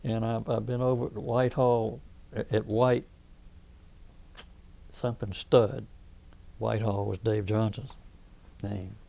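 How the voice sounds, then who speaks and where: A man's voice: lowish voice, flat delivery, measured pace, creaky, long pauses, warm tone. A man in his eighties with a Southern US accent, telling rambling stories in an oral history interview, often restarting his sentences. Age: 80s. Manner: rambling anecdotal storytelling, frequent restarts. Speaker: veteran interviewee.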